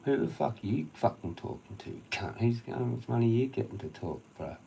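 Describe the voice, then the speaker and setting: Swearing, rambling Australian man with a gravelly voice. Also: mid-range voice, lively intonation, brisk, dark tone, slight background noise, poor audio. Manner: heavy swearing, agitated, rambling storytelling. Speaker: livestreamer. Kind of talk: casual rambling rant.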